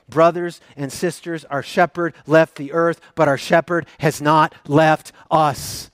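High-voiced male pastor preaching. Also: flat delivery, a little slow, few pauses, no room sound, clean studio sound. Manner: preaching with dramatic swings from loud high to soft low. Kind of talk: sermon.

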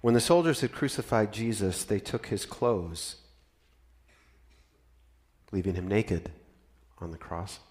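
A man narrating a dramatic scripture reading with expressive, varied emphasis. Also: lowish voice, takes it slowly, pauses often. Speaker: scripture reader.

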